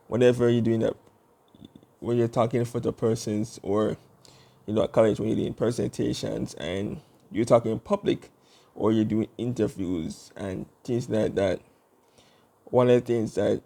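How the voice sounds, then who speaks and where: Young guy rambling on his vlog, slow and deliberate, lots of um and you know, gravelly voice. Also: mid-range voice, mellow. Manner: deliberate, rambling, with many fillers. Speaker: YouTube channel host. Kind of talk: casual vlog monologue.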